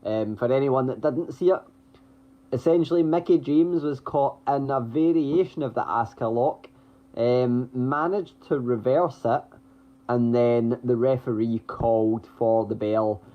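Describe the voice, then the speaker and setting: A man's voice: medium pitch, a little slow. A man co-hosting a podcast, running through the week's wrestling news in a chatty way, with lots of ums, restarts and the odd chuckle. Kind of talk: casual news rundown. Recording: dull lo-fi audio.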